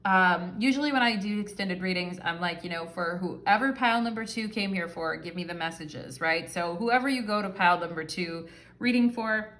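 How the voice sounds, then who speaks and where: A woman with a fairly low, fairly bright voice speaks at a moderate pace while giving a casual pick-a-card tarot reading. She addresses her viewers directly, chatty and affectionate, with plenty of filler words.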